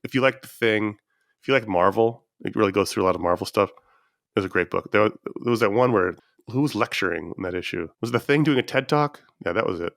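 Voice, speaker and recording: A man's voice: fairly low pitch, brisk, gravelly, fairly bright tone, dry recording, studio quality. A sick man hosting a podcast, talking in casual, enthusiastic and rambling chat. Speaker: podcast host.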